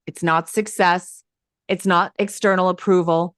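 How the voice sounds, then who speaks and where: A woman guest telling her story in an interview, lively and emphatic, acting out quoted dialogue as she goes. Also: on the low side, a little slow, clean tone, no room sound, studio quality. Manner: animated, acts out quoted dialogue; emphatic and enthusiastic. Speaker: hypnosis coach and guest.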